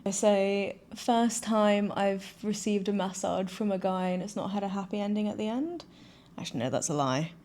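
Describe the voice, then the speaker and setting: A woman's voice: mid-range voice, moderate pace, a little mellow. A woman in her thirties vlogging, chatting and storytelling with a giggly, self-deprecating manner. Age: 30s. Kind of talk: casual storytelling vlog.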